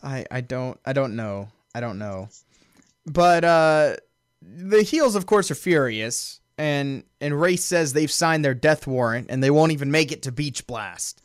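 Recapping a show on the podcast he co-hosts, this man talks a little slowly in a medium-pitched voice with lively intonation. He's casual and animated and laughs a lot, recorded in clean studio sound without any room tone.

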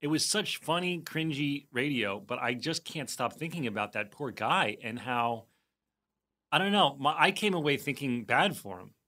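A man from New Jersey co-hosting a podcast in casual chat, animated and quick to laugh as he acts out quotes. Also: mid-range voice. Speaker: podcast co-host.

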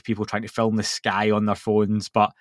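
A man's voice: lowish voice, completely flat delivery, moderate pace, no room sound, clean studio sound. A man hosting a podcast, chatting casually and rambling with fillers. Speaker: podcast host.

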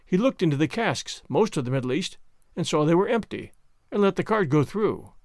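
A man's voice: a little high, expressive, normal speed, a little mellow, no room sound, clean studio sound. A man voicing a pompous boastful gate sergeant. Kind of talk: audiobook character voice.

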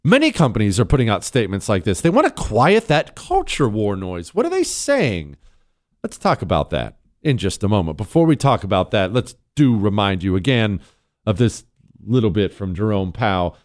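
A man hosting a talk radio show, delivering an emphatic, repetitive monologue with sudden high peaks. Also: wildly swooping pitch, normal speed.

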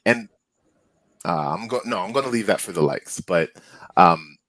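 On a laid-back film review podcast, a male co-host with a low voice speaks at normal speed. His talk wanders, full of fillers and false starts, and it livens up when he's irritated.

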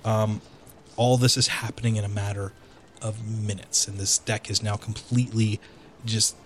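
A man with a low voice narrating a tabletop role-playing game as game master, often stumbling and restarting his sentences. A light hiss of noise sits under his voice. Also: flat delivery. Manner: halting, restarts with fillers.

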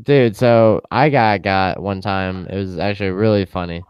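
Smooth-voiced young man telling casual stories. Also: deep voice, steady tone, moderate pace, no room sound, muffled recording. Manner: loose storyteller who acts out quoted lines in a raised voice. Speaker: podcast co-host. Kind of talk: casual chat.

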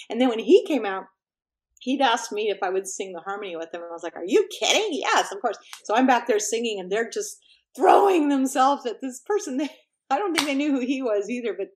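A middle-aged woman musician from Texas, chatting as an interview guest and telling lively stories, acting out quotes and laughing often. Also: fairly high pitch. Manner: animated storyteller, laughs often, acts out quotes. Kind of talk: casual interview chat.

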